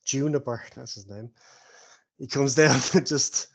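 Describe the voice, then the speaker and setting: A man's voice: mid-range voice, measured pace, creaky. A man running a tabletop role-playing game as game master, narrating with loose chuckles. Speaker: dungeon master.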